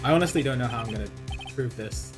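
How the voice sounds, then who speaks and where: A woman's voice: very deep voice, quick pace. A woman voicing an earnest young male defense attorney from a video game, anxious and pleading as she reads his lines aloud over game music.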